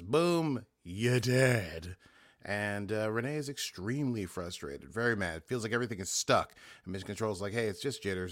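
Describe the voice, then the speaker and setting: A man's voice: lowish voice, a bit bright, no echo, clean studio sound. Rambling American man recapping a show. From United States. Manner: rambling, lots of filler and restarts. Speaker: podcast co-host. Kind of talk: casual recap chat.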